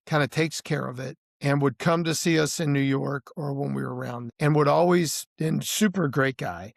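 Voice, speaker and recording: A man's voice: a little high, moderate pace, gravelly, dry recording, clean studio sound. A man being interviewed as a blues musician, chatting casually and telling stories with restarts and "you know"s.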